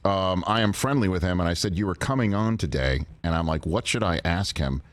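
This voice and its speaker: A man's voice: low-pitched, expressive, brisk. A man hosting a talk show, chatting with a guest and telling anecdotes of his own. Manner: chatty, easily amused, tells anecdotes. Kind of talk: casual interview chat.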